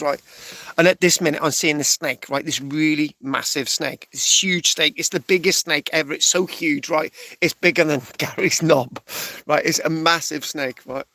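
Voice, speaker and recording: A man's voice: fairly high pitch, moderate pace, bright, forceful tone. Rambling man telling a comic story. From England. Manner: rambling, tags nearly every phrase with "right?", restarts often. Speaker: stand-up storyteller.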